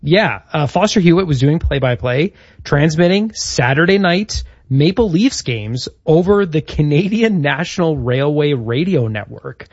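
A man's voice: on the high side, lively intonation, unhurried, breathy edge, dry recording, muffled recording. A man co-hosting a casual chat, telling history from his notes. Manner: storytelling, reading out history notes. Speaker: podcast co-host.

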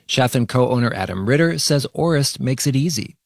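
A man reporting a news feature for radio in a measured, even narration. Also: medium pitch, vocal fry, dry recording, clean studio sound.

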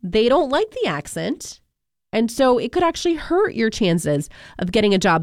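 A woman's voice: on the high side, sing-song, normal speed, no echo, clean studio sound. A woman from coastal Virginia who works as a radio DJ and chats casually on air. She laughs easily and uses a lot of "like" fillers. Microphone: studio microphone.

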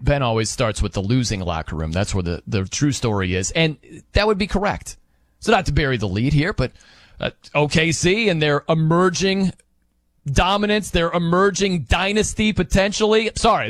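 A man's voice: a little high, dry recording. A man hosting a casual sports talk show, talking in a chatty, conversational way. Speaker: sports podcast host.

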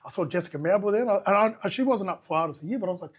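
A man's voice: sits high, racing, husky. An Australian man, a musician guest, telling his story animatedly and acting out what people said. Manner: animated storyteller, acts out quotes. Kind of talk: storytelling interview chat.

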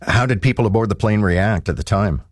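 Deep-voiced male talk radio host. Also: a little fast, no room sound, studio quality. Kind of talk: radio talk show interview.

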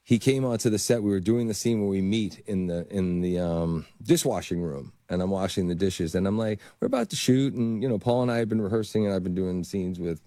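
A man, an actor guest, telling animated stories in a casual interview and laughing often. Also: deep voice, fairly quick, few pauses, no echo, clean studio sound.

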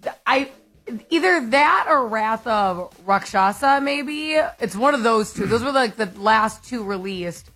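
A woman co-hosting a casual radio chat, telling stories in an animated way and often laughing. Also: on the high side, unhurried, soft background music. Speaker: co-host.

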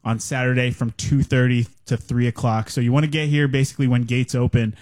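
Man, out of breath, team marketing executive, brisk and detailed, casual radio interview, middle pitch. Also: little pitch movement, darkish tone. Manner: brisk, lists event details.

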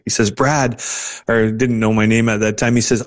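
A man's voice: medium pitch, steady tone, moderate pace. A man in an interview, telling his personal testimony earnestly with hesitant restarts. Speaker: interview guest.

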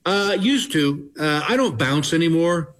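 A man's voice: a little high, expressive, measured pace, a bit bright. A man in his sixties from Texas, a comedian telling folksy, self-deprecating stories in a casual interview. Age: 60s. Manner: folksy, self-deprecating, chuckles between lines. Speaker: comedian guest. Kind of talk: casual phone interview storytelling.

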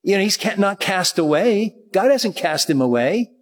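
A man preaching a sermon in a church, talking to the congregation in a conversational way and slowing down to read scripture. His voice sits a little high and sounds husky. It carries the long reverb of a large hall. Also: sing-song. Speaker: pastor.

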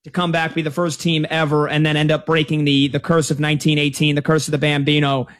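A man's voice: fairly high pitch, completely flat delivery, a bit bright. A man hosting a sports talk radio show, chatting conversationally and taking calls. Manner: conversational, quick asides.

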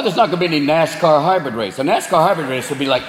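Man, stand-up comic, high lively voice, roomy hall with loud crowd laughter. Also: racing, noisy background. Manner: profane, animated, shouting punchlines. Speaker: stand-up comedian. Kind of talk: stand-up comedy. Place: large venue with audience.

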